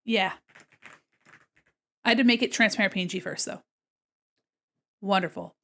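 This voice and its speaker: A woman's voice: mid-range voice, normal speed, fairly bright tone. A woman art streamer chatting casually and playfully with her viewers while she works on a drawing. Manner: chatty and playful, talks to chat while working.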